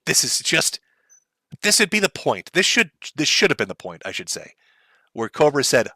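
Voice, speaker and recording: Sarcastic middle-aged man, lively bright voice. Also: mid-range voice, normal speed, no echo. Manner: mocking, sarcastic. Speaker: streamer commentator. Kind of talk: sarcastic live-stream commentary.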